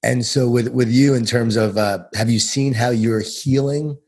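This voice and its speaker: A man's voice: medium pitch, steady tone, normal speed, darkish tone, breathy edge. A man hosting a podcast interview, encouraging and affirming his guest as he asks questions. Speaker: podcast host. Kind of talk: conversational interview.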